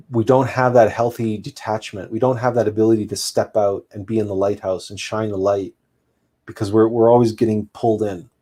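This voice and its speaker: A man's voice: fairly low pitch, dark tone. A man hosting a spiritual relationship talk, earnest and emphatic, often repeating and restarting his phrases. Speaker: host.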